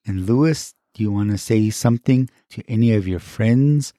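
Very low-voiced woman gently prompting a child. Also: normal speed, no echo. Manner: gently prompting, playful questions. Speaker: podcast host. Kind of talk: casual interview of a child. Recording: dry close-miked studio.

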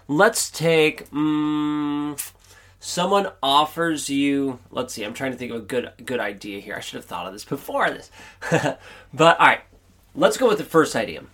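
A man hosts a motivational podcast, talking straight to his listeners in an upbeat, chatty pep-talk manner. His voice sits slightly above the usual male pitch. He sounds earnest and encouraging. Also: fairly bright tone. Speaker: podcast host. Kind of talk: motivational solo podcast monologue.

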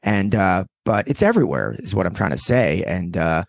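Male co-host, lively pitch, dry close mic, earnest rambling. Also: normal speed, gravelly, no echo. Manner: rambling, earnest, laughs often, swears. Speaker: podcast co-host. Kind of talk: casual chat.

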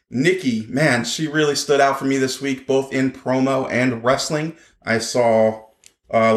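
An animated man co-hosting a casual podcast, his voice sitting at a middle pitch. He talks in a lively way and jumps into quoted lines with raised voices, and the room around him rings a little. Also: roomy sound. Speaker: podcast co-host.

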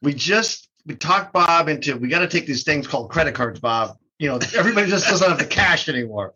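A man's voice: a little high, expressive, fairly quick, bright, forceful tone, breathy edge. An older man telling a story as a guest in a casual talk, laughing and cursing, with many restarts, recorded on dull, lo-fi audio. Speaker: guest, drum shop co-owner.

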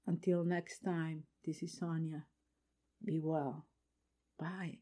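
A woman hosting a spiritual podcast, talking in a slow, soft and earnest way that often trails off quieter. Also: deep voice, flat delivery. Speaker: podcast host and spiritual teacher.

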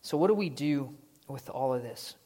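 A male pastor preaching a sermon in a casual, conversational way, slipping into lively voiced asides. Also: medium pitch, moderate pace.

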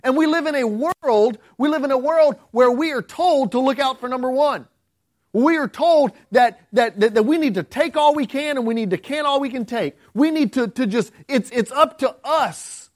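High-voiced man preaching a sermon. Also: normal speed. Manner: conversational preaching with repeated restarts; rising to emphatic outbursts. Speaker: pastor.

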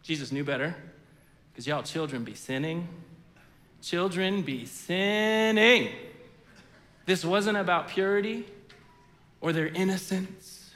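A man preaching in a big hall with long reverb, his voice high and bright for a man. He tells a story, then teaches, swinging from loud bursts down to hushed, low lines. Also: normal speed. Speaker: pastor. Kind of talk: sermon.

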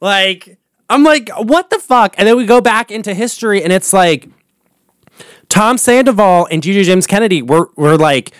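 Gossiping animatedly about reality TV, a man hosts a casual solo podcast and swears freely. His high-pitched, expressive voice moves at a moderate pace with a clean tone, though it's going hoarse. Captured on a studio podcast mic, it's studio quality without room sound.

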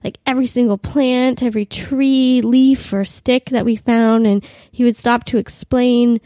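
A woman's voice: on the high side, steady tone, a little slow, mellow, no room sound. Raunchy young woman with a cold. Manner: crude, self-mocking, lots of "like". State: has a cold. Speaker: podcast host. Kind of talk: comic storytelling.

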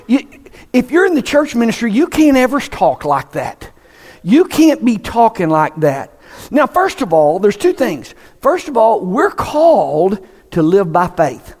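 A pastor delivers an emphatic sermon, his voice pitched high for a man. He pushes his points hard and climbs toward near-shouts. The sound rings with the long reverb of a church hall. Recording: echoey hall.

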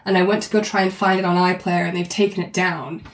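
A woman's voice: lowish voice, little pitch movement, fast. A woman co-hosting a podcast, talking things through in a thoughtful, step-by-step way. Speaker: podcast co-host. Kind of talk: casual podcast discussion. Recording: roomy echoey recording.

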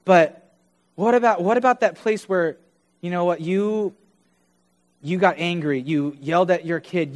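A young man preaching a sermon, earnestly telling personal stories with quoted dialogue. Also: sits high.

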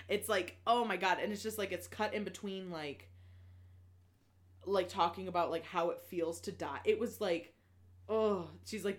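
A woman recapping a novel in casual chat, animated and laughing often, swearing freely and full of restarts. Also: lowish voice, moderate pace.

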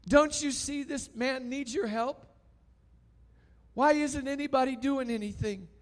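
A man's voice: a little high, a little slow, a little mellow. A male preacher voicing a tender young man who pleads through tears. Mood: desperate pleading.

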